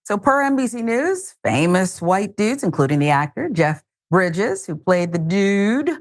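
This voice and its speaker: A woman's voice: medium pitch, big pitch swings, a little slow. A woman hosting a news commentary show, reading headlines casually with wry, joking asides.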